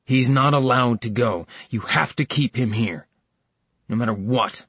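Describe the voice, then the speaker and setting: A man voicing a stubborn, protective man who speaks forcefully and insistently in audiobook narration. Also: medium pitch, unhurried, slightly rough, dry recording, muffled recording.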